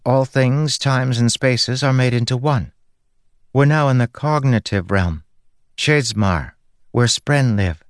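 A man voicing an airy, girlish female spirit who explains things slowly and with wonder. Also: dry recording, clean studio sound, natural voice. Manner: high, wondering, slow explanations.

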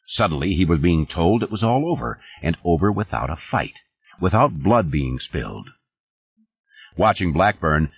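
A man narrating an audiobook in a measured, expressive way. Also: low-pitched, slightly rough, dry recording. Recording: dull lo-fi audio.

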